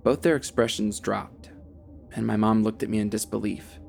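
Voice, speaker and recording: A young man narrating a first-person horror story in a steady, tense telling. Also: on the low side, normal speed, vocal fry, faint music behind. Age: young adult.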